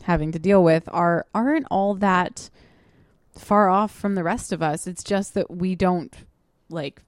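A woman co-hosting a casual chat show, rambling and animated and mimicking other people for laughs. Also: on the low side, measured pace, no echo, clean studio sound. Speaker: podcast co-host. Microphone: studio microphone.

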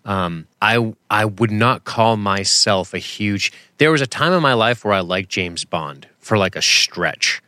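A man's voice: fairly low pitch, lively intonation, measured pace, few pauses, sharp tone, no echo. A man co-hosting a podcast in casual chat, wry and rambling, often poking fun at himself. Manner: wry, rambling, self-deprecating. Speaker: podcast co-host.

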